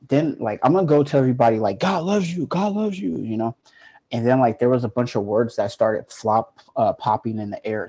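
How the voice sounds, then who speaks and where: A man's voice: lowish voice, mellow. A man telling a personal story in a loose, casual way, with lots of "like" fillers. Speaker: guest.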